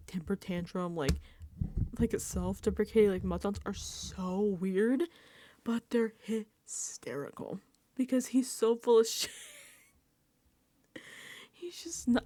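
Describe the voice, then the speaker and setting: A woman's voice: medium pitch, slow, mellow, dry recording. A woman giving casual, rambling recap commentary on a reality show, exasperated and swearing freely.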